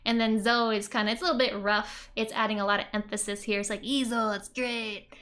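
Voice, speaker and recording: A woman's voice: mid-range voice, little pitch movement, fast, fairly bright tone. A woman explaining Japanese grammar in a casual lesson, chatty and giggly, with many "like" and "um" fillers. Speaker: Japanese language teacher.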